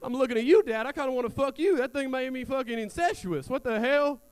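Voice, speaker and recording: A man putting on a Southern accent to play a frantic young man confessing to his father, with a strained, high delivery. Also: quick pace, clean tone, dry recording.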